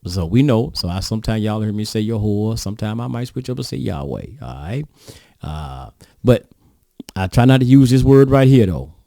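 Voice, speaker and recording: A man's voice: on the low side, animated, moderate pace, creaky, warm tone, no room sound, studio quality. A man preaching, reading scripture aloud and commenting on it in a folksy way, often asking his listeners rhetorical questions. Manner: folksy, rhetorical questioning, addresses audience as y'all.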